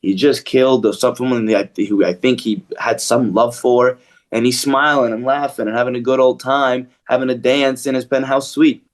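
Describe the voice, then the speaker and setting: A man being interviewed as an actor, talking casually with lots of fillers and restarts. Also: medium pitch. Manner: relaxed, halting with many restarts and fillers.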